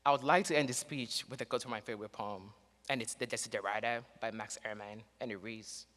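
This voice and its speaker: A man giving an earnest, measured commencement speech as a graduating student, read from a script in a large ceremony hall. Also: lowish voice, fairly even intonation, a bit bright. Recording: long reverb in a large hall.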